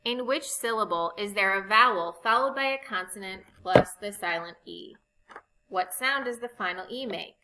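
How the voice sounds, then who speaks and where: A woman teaching a recorded phonics lesson, explaining spelling rules slowly and patiently. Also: medium pitch, bright, forceful tone, slight background noise, low-quality recording. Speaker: reading teacher.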